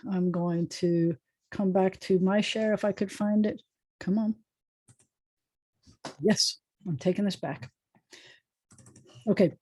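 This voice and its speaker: A woman's voice: medium pitch, dark tone, dry recording. American woman teaching an online class. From United States. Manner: chatty, storytelling, self-correcting. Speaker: rabbi teaching Hebrew. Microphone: video call.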